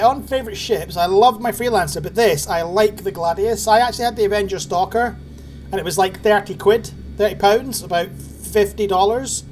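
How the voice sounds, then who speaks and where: A man's voice: high-pitched, darkish tone. Cheeky British man streaming a game. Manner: chatty, cheeky, swears casually. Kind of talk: casual live-stream commentary. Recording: faint background noise.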